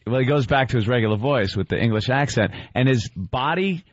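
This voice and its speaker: A man co-hosting a radio show, making wry, quick asides in casual banter. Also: mid-range voice, animated, no room sound. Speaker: radio co-host. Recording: dry, muffled radio broadcast.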